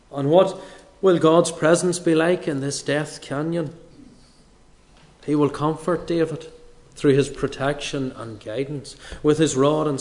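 A man delivering a sermon at an unhurried, deliberate pace. His voice sits a little higher than most men's, and he leans on pauses for weight. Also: a little mellow. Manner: slow, measured delivery with dramatic pauses. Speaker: preacher.

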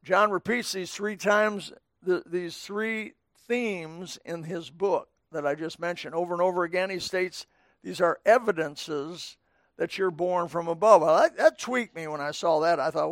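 In his church sanctuary, a middle-aged pastor preaches an unhurried, chatty sermon with a homespun feel, pausing for asides to the congregation. His voice is high for a man and a bit bright, recorded close and dry with little room echo.

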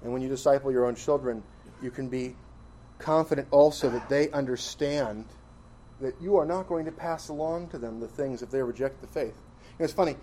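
A man's voice: medium pitch, a little fast, a little hiss or hum. Emphatic preaching man. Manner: emphatic, rhetorical questions, swings from loud to quiet. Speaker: pastor. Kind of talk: sermon.

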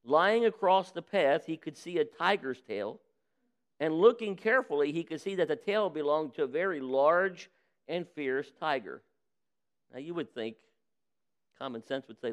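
Pastor with a high voice telling a story. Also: male voice, moderate pace. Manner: reads a parable with lively voiced quotes, then preaches. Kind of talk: sermon with a read-aloud story. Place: church.

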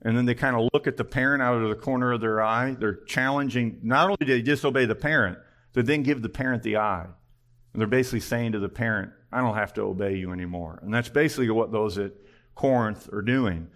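A man's voice: medium pitch, quick pace, a bit bright. A male pastor preaching an earnest sermon, full of pointed rhetorical questions.

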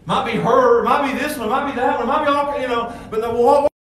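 A man preaching a sermon, swinging between shouted intensity and quiet, low asides. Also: steady tone, brisk. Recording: very echoey, distant from the mic, faint noise.

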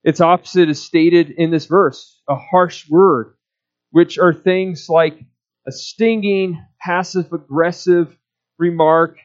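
A man preaching a sermon in a measured, deliberate teaching manner. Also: a little high, steady tone, lo-fi sound. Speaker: pastor.

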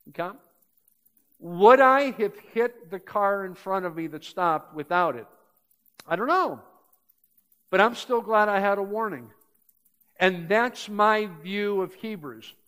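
An older male pastor delivers a sermon in a high, light voice. He tells everyday stories in an easy way, then presses his points with growing emphasis. He is speaking to a church congregation. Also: expressive, unhurried, pauses often, pushed and bright. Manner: storytelling, building to emphatic points.

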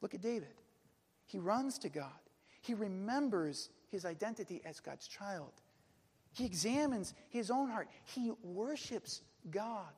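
A man preaching a sermon earnestly, dropping soft then pressing hard. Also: high voice, slightly rough, big-room sound. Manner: earnest, swings between soft and emphatic.

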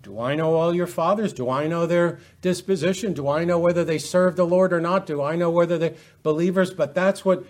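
A man teaching a Bible study lecture, earnest and emphatic, often restarting his phrases. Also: on the high side.

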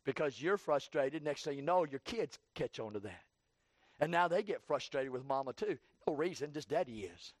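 A man preaching an evening sermon in repetitive call-and-response style, swinging from hushed low phrases to shouted peaks. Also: expressive, moderate pace, no echo.

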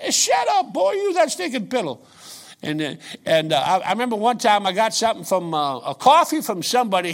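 An older preacher in full sermon mode, spinning folksy street stories. His voice climbs high and loud at the peaks, then drops to quiet, confiding asides. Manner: folksy storytelling, swings from quiet asides to shouting. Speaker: pastor.

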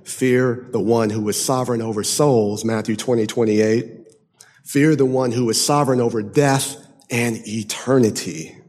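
A man preaching a sermon emphatically, moving from loud declaiming to hushed, intense passages. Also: mid-range voice, steady tone, measured pace. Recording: long hall reverb.

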